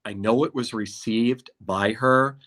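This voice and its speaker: A man's voice: mid-range voice, measured pace. A middle-aged man, a concert promoter, telling anecdotes in conversation and acting out other people's lines. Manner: animated, acts out dialogue in quotes. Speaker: concert promoter, podcast guest.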